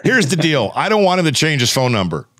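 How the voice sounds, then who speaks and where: A man's voice: fairly high pitch, fast, no echo. A man hosting a podcast, telling stories in a chatty, joking way. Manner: animated storyteller, chatty and joking. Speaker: podcast host. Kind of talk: casual chat.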